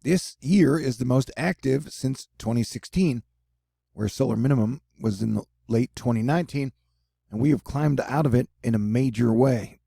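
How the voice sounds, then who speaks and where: Gravelly, relaxed man chatting casually. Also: mid-range voice, moderate pace, no room sound, studio quality. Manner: laid-back, jokey, slangy with frequent asides. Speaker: solo news video host. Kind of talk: casual talking-head commentary.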